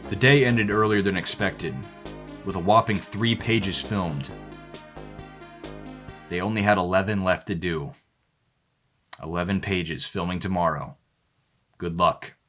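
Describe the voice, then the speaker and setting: A man with a fairly low voice narrates in a deadpan, mock-dramatic documentary style. His tone turns ominous for effect, and faint music runs beneath him. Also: unhurried, pauses often.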